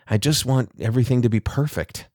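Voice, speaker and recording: Guy putting on a jittery husband voice, pitched up, unsure and sorry-sounding, dry close sound. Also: fairly quick, darkish tone, dry recording, close to an everyday voice. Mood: uncertain. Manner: uncertain, apologetic, pleading. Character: anxious insecure young husband, eager to please.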